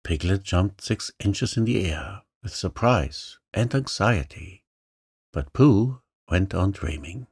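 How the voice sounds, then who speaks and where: A man narrating a bedtime story in a slow, soothing, gentle manner. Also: sits low, expressive, husky, dry recording, studio quality. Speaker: audiobook narrator. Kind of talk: calm bedtime story reading.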